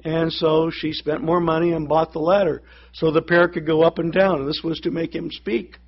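A man's voice: a little high, flat delivery, normal speed, husky, lo-fi sound. A man preaching a sermon, telling a joke and doing the voices of the people in it. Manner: storytelling, acts out voices in the joke. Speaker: pastor.

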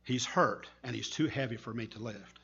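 A man's voice: mid-range voice, moderate pace, creaky, bright, forceful tone, highs cut off, slight background noise. A man voicing a tearful young boy who pleads and apologizes through sobs. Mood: pleading.

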